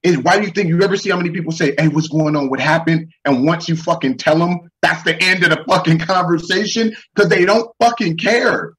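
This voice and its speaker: A man's voice: high voice, fairly quick, few pauses, fairly bright tone, recorded from a distance, poor audio. Profane fired-up man ranting. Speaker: podcast host. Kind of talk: casual chat.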